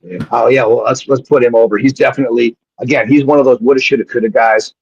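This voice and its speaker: A man, a former pro wrestler appearing as a guest, telling animated and profane stories in a casual way, often restarting his sentences. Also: medium pitch, fast talker, slightly rough. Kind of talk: casual storytelling on a live show. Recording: dull lo-fi sound.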